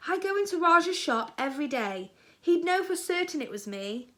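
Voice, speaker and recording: A woman's voice: extremely high pitch, animated, moderate pace, a bit bright, pitched above the performer's own voice. A woman voicing a shy, nervous twelve-year-old boy in a storybook reading, speaking hesitantly. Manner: hesitant, unsure.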